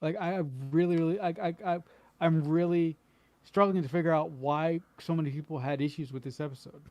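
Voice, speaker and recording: A man's voice: a little high, steady tone, brisk, a little mellow, no room sound. A man in casual podcast chat, stammering and incredulous as he talks. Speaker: podcast host.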